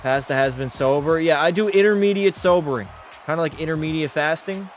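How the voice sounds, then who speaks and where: A man's voice: a little high, brisk, soft background music. A young man commentating his own hockey video game on a live stream, a little tipsy, swearing freely, answering chat and calling plays like a sportscaster. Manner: rowdy, profane, mock play-by-play, reads chat aloud. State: tipsy from a few drinks. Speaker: gaming streamer.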